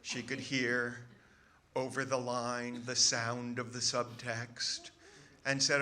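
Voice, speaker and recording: A man's voice: mid-range voice, slow pace, pushed and bright. A man, a comedian, telling a funny story on stage with a dry, wry delivery. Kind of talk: stand-up storytelling. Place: stage with live audience. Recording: live show with audience laughter.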